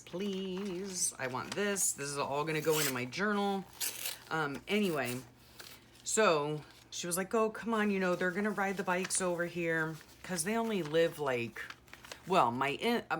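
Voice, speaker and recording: Low-voiced middle-aged woman rambling. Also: a bit bright, slight background noise. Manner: rambling, chatty, lots of "you know" and "like". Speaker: journaling vlogger. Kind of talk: casual rambling chat.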